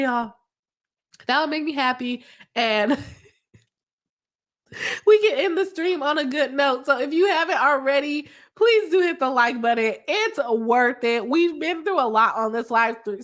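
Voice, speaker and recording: A woman's voice: sits high, a bit bright. Chatty laughing woman with a cold. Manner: laughs often, talks in a chatty way with y'all. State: sick with a cold, coughing. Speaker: lawyer hosting a live stream. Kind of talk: casual live-stream chat reading comments.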